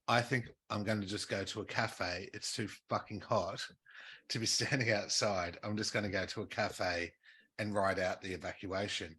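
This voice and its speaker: A podcast co-host with a low, slightly breathy voice spins a story in casual chat. He's an animated storyteller, laughing often and acting out the quotes.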